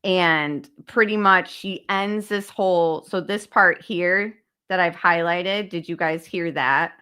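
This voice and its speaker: Woman host for a casual stream, slow and chatty, a little low-pitched, addresses viewers directly. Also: sharp tone, clear, resonant tone. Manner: chatty, talks straight to viewers, reads documents aloud. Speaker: true crime channel host. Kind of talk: casual livestream case discussion.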